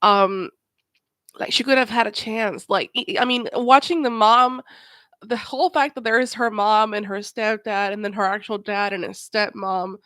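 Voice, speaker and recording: A woman's voice: mid-range voice, steady tone, normal speed, a bit bright, dry recording. A woman hosting a watch-along, reacting to a documentary with emphatic, repetitive commentary. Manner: emphatic, swearing, repeats words. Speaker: host.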